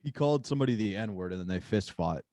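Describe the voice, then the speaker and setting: A man's voice: lowish voice, lively intonation, fast talker, dark tone, dry recording. Joking male podcast host, dry sound. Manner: joking, laughs between lines. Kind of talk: casual chat.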